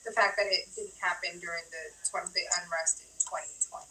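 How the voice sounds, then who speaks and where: A woman's voice: lowish voice, fairly even intonation, a little fast. Woman interviewer, heard from a distance. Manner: probing questions, with hesitations. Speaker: livestream interviewer. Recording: distant mic with room noise.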